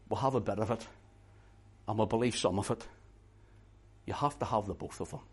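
Here a middle-aged preacher's mid-range voice alternates between quiet, close-up speech and booming emphasis during a sermon. He repeats words to drive his points home.

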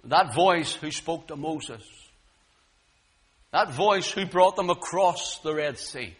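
A man preaching a sermon, swinging dramatically between booming lines and hushed ones. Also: expressive, takes it slowly, breathy edge.

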